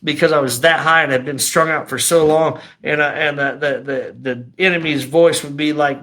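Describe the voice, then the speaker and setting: A man's voice: a little high, fairly even intonation, moderate pace, hardly any pauses, bright, forceful tone. A middle-aged man telling his personal testimony in a raw, emotional, conversational way, often saying "man" and "you know". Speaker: guest sharing a testimony.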